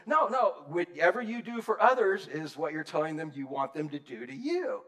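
A man preaching an informal sermon to a men's group, folksy and rambling, swinging between loud and soft. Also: fairly high pitch, sing-song, moderate pace. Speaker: preacher leading a men's Bible study.

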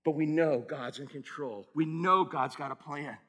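A man preaching a sermon as pastor, lively and conversational, asking his congregation questions. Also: fairly high pitch, normal speed. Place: church.

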